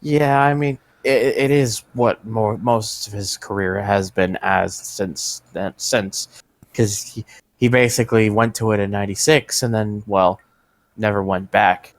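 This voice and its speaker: A man's voice: fairly low pitch, fairly even intonation, unhurried, no echo. Man rambling in casual chat. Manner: rambling, explains with restarts. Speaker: podcast co-host. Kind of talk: casual chat while watching wrestling.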